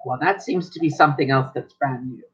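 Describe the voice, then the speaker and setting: Bright-voiced male game master, lo-fi. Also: mid-range voice, brisk, husky. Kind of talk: narrating a tabletop game.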